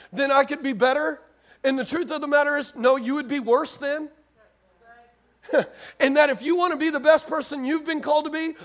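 High-voiced pastor preaching. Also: male voice. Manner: conversational, repeats phrases, asks the crowd questions. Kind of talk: sermon.

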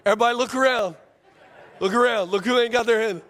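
A male pastor preaching a sermon to his congregation, talking casually, repeating phrases, asking questions, and building to near shouts. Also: very high voice, fast talker, a faint crowd. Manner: rises to near shouting at climaxes, drops to hushed tones in prayer.

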